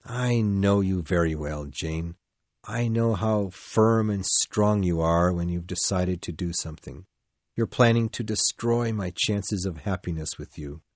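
An actor playing a brooding, passionate middle-aged lover in an audio drama, speaking intensely and pleadingly. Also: male voice, low-pitched, measured pace, darkish tone, no room sound. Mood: bitter, pleading.

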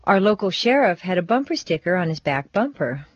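Woman, pronunciation teacher, exaggerated stress drills, lower voice, dry, lo-fi recording. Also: very animated, dry recording. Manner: slow, deliberate, exaggerated stress and intonation.

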